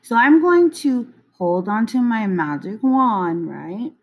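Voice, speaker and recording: A woman teaching young children a lesson, slowly repeating each word to model its syllables. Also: fairly high pitch, expressive.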